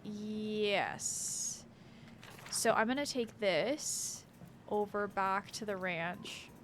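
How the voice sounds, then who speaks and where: A young woman talks casually through her game stream at an ordinary middle pitch. She reads in-game notes aloud and greets viewers by name between her comments. A faint game hum sits under her voice. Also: very slow.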